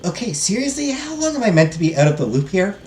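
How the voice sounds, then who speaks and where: A man voicing a frustrated teenage girl in a game, sharp and impatient, in an echoey room with faint music behind. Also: high voice, sing-song, quick pace, voice pushed up. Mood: exasperated. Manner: exasperated, demanding.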